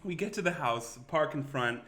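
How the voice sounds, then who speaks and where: A man hosting a live stream, telling a story in an animated way, laughing and acting out the scene. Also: a little high, normal speed. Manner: animated, laughing, acts out the scene and shouts quotes. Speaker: show host.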